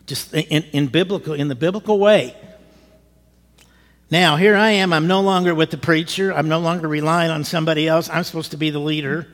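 A male pastor telling a story in a sermon, lively and animated, acting out what people said and chuckling as he goes. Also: fairly high pitch, a little fast, in a large hall. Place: church.

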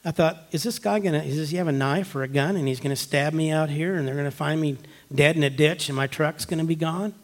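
A male pastor delivers a storytelling sermon in church. His voice sits somewhat high for a man. He drops to near-whispers for tense moments and lifts into loud, urgent appeals. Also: a little fast, few pauses. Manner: storytelling, swings from hushed to emphatic.

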